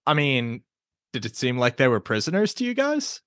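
A man's voice: medium pitch, wildly swooping pitch, normal speed, a bit bright, dry recording, studio quality. A man co-hosting a casual fan discussion, asking questions and laying out his points step by step. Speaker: podcast co-host.

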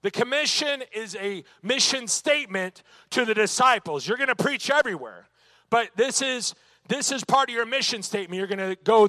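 A man's voice: very high voice, animated, moderate pace, sharp tone, dry recording. A man teaching a church Bible lesson, emphatic and dotted with "amen" and rhetorical questions.

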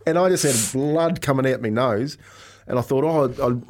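A man's voice: mid-range voice, normal speed, darkish tone. A man co-hosting a radio show in a studio, telling golf anecdotes in casual chat and laughing often as he goes. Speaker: radio co-host.

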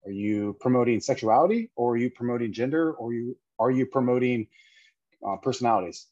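A man's voice: medium pitch, animated, a little fast, a little mellow, no room sound, dull audio. A man giving an indignant, lecturing commentary full of rhetorical questions. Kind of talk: opinionated commentary video.

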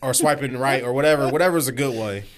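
A man's voice: medium pitch, quick pace. A man co-hosting a casual podcast, telling stories and acting out quotes with laughs along the way. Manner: chatty storyteller, acts out quotes with laughs. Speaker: podcast co-host. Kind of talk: casual chat.

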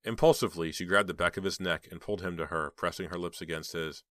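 Very deep male narrator reading a horror novel, measured, dry close-mic sound. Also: fairly even intonation, a bit bright, no echo. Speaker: audiobook narrator. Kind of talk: scripted audiobook narration.

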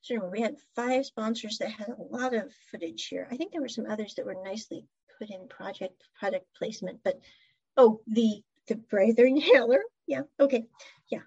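A woman's voice: a little high, fairly quick, creaky, dark tone, slightly rough, dry recording, highs cut off. A woman chattily retelling a drama episode, with giggles and side comments. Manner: chatty storyteller, giggles, asides. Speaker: drama recap vlogger. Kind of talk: casual episode recap.

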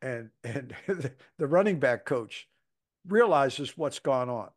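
A man's voice: medium pitch, lively intonation, slow pace. A man in his seventies, a football coach, telling a story on a podcast, acting out the quoted voices with salty language. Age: 70s.

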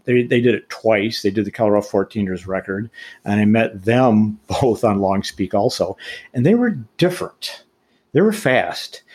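Husky low-voiced older male host. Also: darkish tone. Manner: rambling, stammering questions. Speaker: podcast host, interviewer. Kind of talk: casual interview conversation.

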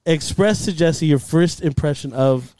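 Male podcast host, a bit high-pitched, loose rambling storyteller who laughs a lot. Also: measured pace, mellow, no echo. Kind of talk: casual chat.

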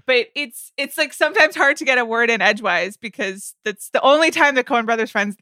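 Bright, crisp woman with wry humor. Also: expressive, a little fast, dry recording, clean studio sound. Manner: wry, jumps into high mocking voices for quotes. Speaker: podcast co-host. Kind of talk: casual film chat.

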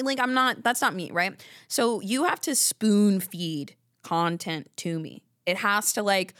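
A woman's voice: mid-range voice, measured pace, hardly any pauses, no echo. Chatty rambling woman podcast host, dry sound. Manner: rambling, animated storytelling with asides. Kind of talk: casual chat.

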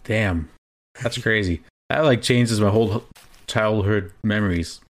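A man's voice: fairly low pitch, a little slow. A young man co-hosting a podcast, chatting casually and rambling a little with restarts. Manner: laid-back, rambling with restarts. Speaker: podcast co-host. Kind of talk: casual chat.

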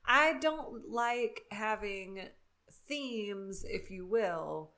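A woman's voice: medium pitch, animated, drawn-out words, pushed and bright. A woman co-hosting a podcast in casual chat, blunt, sarcastic and opinionated. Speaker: podcast co-host.

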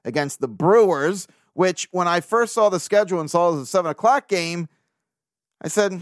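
A man's voice: high-pitched, normal speed, no echo, clean studio sound. A man hosting a casual solo sports podcast, talking in a loose, joking way, swearing now and then and laughing often. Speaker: podcast host.

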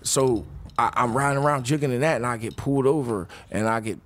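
A man's voice: mid-range voice, fairly quick, slight background noise. A man telling profane street stories in casual chat, acting out the voices of the people in them. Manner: profane, animated, acts out other people's voices. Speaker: podcast guest.

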